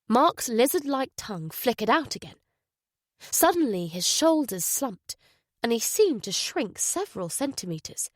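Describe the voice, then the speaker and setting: A woman narrating a mystery thriller audiobook at a measured pace. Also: on the high side, big pitch swings, no room sound, studio quality. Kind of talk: scripted narration.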